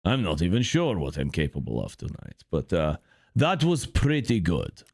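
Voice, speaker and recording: A man's voice: sits low, wildly swooping pitch, moderate pace, creaky, darkish tone, no echo, clean studio sound, voice pushed down, exaggerated voice. A man voicing a boastful male Russian bear mercenary in broken English with a put-on Russian accent, talking about himself in the third person during a gaming session. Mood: smug. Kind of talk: gaming commentary skit.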